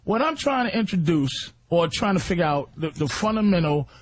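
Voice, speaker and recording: A man on a radio show, arguing his point in crude, heated banter with loud bursts of laughter. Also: sits high, expressive, a little fast. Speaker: comedian regular on a radio show.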